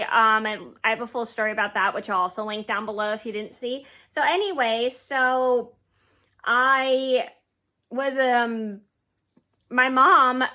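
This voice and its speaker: A woman's voice: a little high, sharp tone. A young woman telling a personal story to her viewers, rambling casually with many fillers and restarts. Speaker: vlogger.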